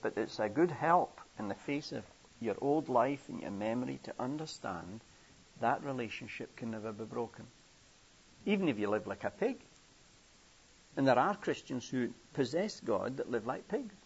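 An older English preacher with an expressive, gravelly, slightly rough voice tells stories in his sermon at normal speed. He acts out each character, using a high pitch for the children, all captured on muffled, hissy old tape.

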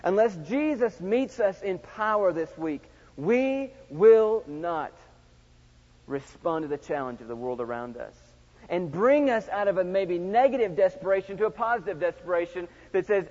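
A high-voiced middle-aged man preaches with big dynamic swings, booming one moment and dropping to near-quiet the next. His voice rings through a large church with long reverb, and the recording is slightly dull and muffled. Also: animated, moderate pace. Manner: dynamic preaching, swings from loud shouts to hushed tones. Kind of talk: sermon.

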